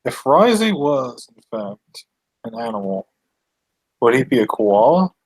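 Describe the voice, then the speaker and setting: A man's voice: medium pitch, big pitch swings, unhurried, no room sound, rough recording. A man chats casually on an online call, throwing out playful questions and stumbling over his words a little. His voice sounds dry and close to the mic. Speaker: hangout participant.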